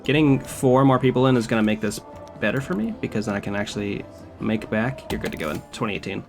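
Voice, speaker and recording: A man's voice: lowish voice, fast talker, gravelly, faint music behind. A man streaming a video game, talking casually with wry, profane remarks. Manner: profane, wry and laid-back. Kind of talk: casual gameplay commentary.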